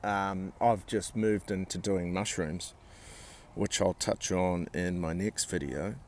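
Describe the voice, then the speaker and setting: A man vlogging, telling a personal story in a blunt, sweary way with halting restarts. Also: low-pitched, steady tone, darkish tone, slight background noise.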